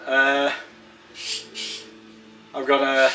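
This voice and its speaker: English guy, english accent, slow rambly kitchen chat to camera, keeps repeating himself. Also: medium pitch, pushed and bright, faint music behind. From England. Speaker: home cooking vlogger.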